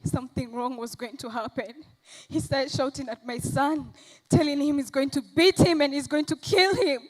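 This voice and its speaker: An actress on stage playing an abused young mother, recounting her ordeal in halting, shaken narration. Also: high voice, close to an everyday voice, rough recording. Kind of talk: stage play monologue. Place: festival stage.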